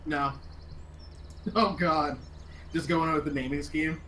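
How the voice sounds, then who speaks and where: A man's voice: on the high side, fairly even intonation, takes it slowly, pushed and bright. A man on a gaming stream giving blunt, swear-filled remarks about the game. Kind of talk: let's play banter.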